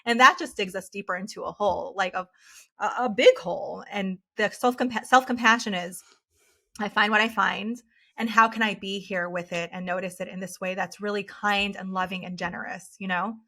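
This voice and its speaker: A woman's voice: mid-range voice, normal speed, sharp tone. A woman psychologist talking as an interview guest, earnest and full of "like" and "you know" fillers. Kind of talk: casual interview conversation.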